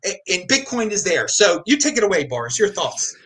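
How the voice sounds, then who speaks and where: A man hosting a live-streamed panel, talking in an excitable, ranting way. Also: high-pitched, a little fast. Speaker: show host.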